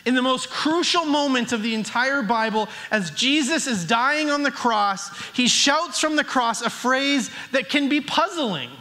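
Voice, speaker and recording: A man's voice: very high-pitched, bright, forceful tone. A middle-aged man preaching a sermon as pastor, earnest and emphatic. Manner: earnest, builds emphasis with restarts.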